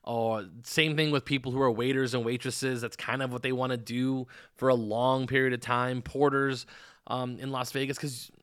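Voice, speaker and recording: A man's voice: medium pitch, level tone, moderate pace, a bit bright, clear, resonant tone, dry recording, clean studio sound. A man hosting a podcast, telling a meandering story in casual chat, full of fillers and restarts. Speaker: podcast host.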